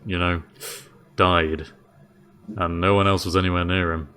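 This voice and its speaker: A man's voice: sits low, level tone, a little slow, sharp tone, clear, resonant tone. A man voicing a slightly drunk, easygoing male jailer who chats casually and keeps calling people "mate". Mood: musing. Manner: chatty, says "mate" a lot.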